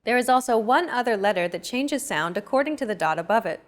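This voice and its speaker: A woman hosting a language lesson, explaining pronunciation in clear, measured scripted narration. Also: a little high, animated. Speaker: lesson host.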